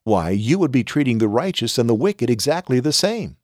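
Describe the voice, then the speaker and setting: A man's voice: medium pitch, big pitch swings, normal speed, a little mellow, dry recording, studio quality. A man reading the part of an elderly patriarch in scripture, earnest and imploring. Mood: pleading. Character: pleading elderly male patriarch bargaining.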